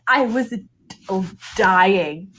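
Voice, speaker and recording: A woman's voice: mid-range voice, extremely slow, a little hiss or hum. A woman co-hosting a book review podcast, chatting casually and acting out quotes from the book. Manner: animated, acts out quotes from the book. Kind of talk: casual chat.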